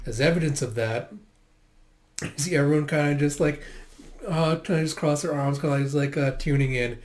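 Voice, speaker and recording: A man doing a casual read-through of a manga, reading the credits and story aloud with relaxed commentary, fillers and the odd swear word. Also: a little high, normal speed.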